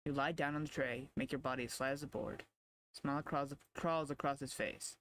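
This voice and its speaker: A male streamer reading a story game's text aloud and reacting with quick asides. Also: mid-range voice, steady tone, fairly bright tone, slight background noise. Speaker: game streamer.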